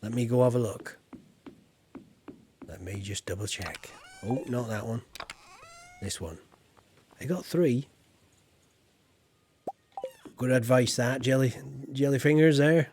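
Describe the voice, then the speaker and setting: A man's voice: mid-range voice, slow, long pauses, a little mellow, slight background noise. A man streaming a farming game, chatting in a rambling, jokey, homely way as a folksy farmer persona. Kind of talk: casual let's-play chat.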